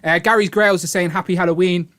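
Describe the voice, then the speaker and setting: A man's voice: high-pitched, steady tone, fast talker, a bit bright. A British man hosting a casual live stream from a home setup, chatty and upbeat. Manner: chatty and upbeat, often laughing.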